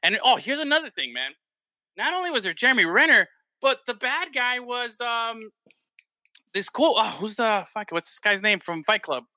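Animated rambling man, bright dry voice. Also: extremely high pitch, normal speed, no room sound. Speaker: podcast co-host. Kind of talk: casual chat.

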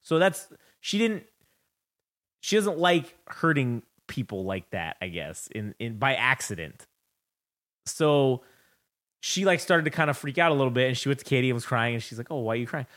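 A man's voice: mid-range voice, big pitch swings, moderate pace, a bit bright. A young man co-hosting a podcast, telling a rambling, profane story about raising his daughter in casual chat. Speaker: podcast co-host.

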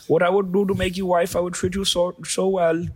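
A man putting on a put-on Indian accent to play a pushy male flatterer who croons compliments in broken English. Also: sits high, a little fast, breathy edge, voice pushed up. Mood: leering. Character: leering male lounge-singer type, pushy flatterer.

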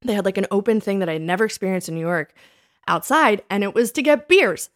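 A woman telling funny stories about old dates in a casual chat, laughing often and acting out what she said back then in a higher voice. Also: fast. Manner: animated, laughing, quotes herself in a higher voice. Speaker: podcast co-host.

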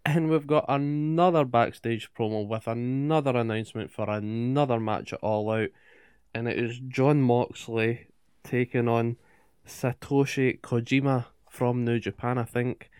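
A man's voice: mid-range voice, fairly even intonation, a little mellow, clean tone, dry recording, clean studio sound. Sweary man recapping wrestling. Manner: sweary, quick recap of events, rhetorical questions. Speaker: podcast co-host. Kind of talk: casual wrestling recap chat.

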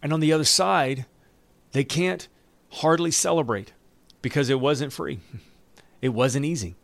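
A man's voice: a little high, unhurried, creaky, no echo. A man preaching a sermon, reading scripture aloud and breaking in with joking asides. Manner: animated, joking asides with laughs. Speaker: pastor.

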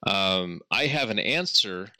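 A man hosting a podcast discussion, talking in a measured way with many pauses and fillers. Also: fairly low pitch, expressive, sharp tone, dry recording. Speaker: podcast host.

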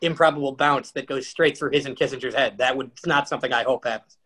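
Husky, deadpan joking man. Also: mid-range voice, fast talker. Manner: dry, deadpan dark humor. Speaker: podcast co-host. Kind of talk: casual comedic chat.

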